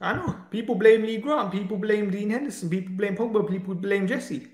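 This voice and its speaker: A man's voice: sits high, brisk. Exasperated man in an echoey room. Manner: exasperated, insistent, talks over the other man. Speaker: debate guest. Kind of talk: heated football debate.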